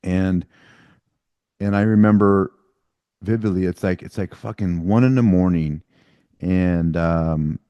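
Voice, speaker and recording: A man's voice: low voice, dark tone, dry recording. A man hosting a podcast, telling a personal story in candid, profane conversation peppered with casual slang. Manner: blunt and profane, casual slang like dude and bro. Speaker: podcast host.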